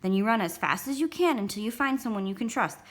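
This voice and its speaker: A woman's voice: on the high side, lively intonation, fast, voice pushed up, close to an everyday voice. A woman voicing a mother firmly warning her young son in a read-aloud story. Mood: earnest. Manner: earnest, instructive. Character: firm, caring mother.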